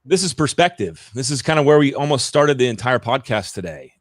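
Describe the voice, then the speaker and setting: A man of ordinary pitch hosts a casual podcast interview. He thinks aloud, restarts his phrases, and asks reflective questions, and his voice sounds dry and close. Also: animated, fairly quick, no echo. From California. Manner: reflective, searching, with frequent restarts. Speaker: podcast host.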